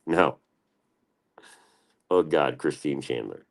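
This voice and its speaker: A man in his thirties with an extremely deep, low voice, talking casually to his livestream audience. He rambles from topic to topic and swears often, in a crude, loose way. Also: lively intonation, unhurried, vocal fry, pauses often.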